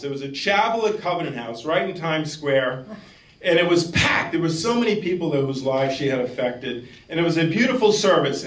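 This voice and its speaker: A man's voice: on the high side, fairly bright tone. A middle-aged man with a New York accent tells a true story at a live storytelling night, earnest and acting out the people he quotes. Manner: earnest, acts out quoted voices. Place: live event hall. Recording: echoey hall, mic at a distance.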